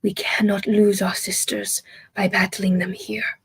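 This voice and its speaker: A woman voicing a small, solemn old male tribal chief who speaks in slow, hushed pronouncements. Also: medium pitch, flat delivery, gravelly, breathy edge, full character voice.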